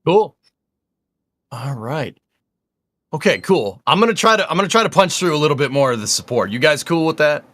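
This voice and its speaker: Upbeat male stream host, bright tone, loose chatty delivery. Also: fairly high pitch, animated, fairly quick, pauses often, no room sound, clean studio sound. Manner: upbeat, chatty, reading out viewer messages. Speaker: livestream host. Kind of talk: casual livestream commentary.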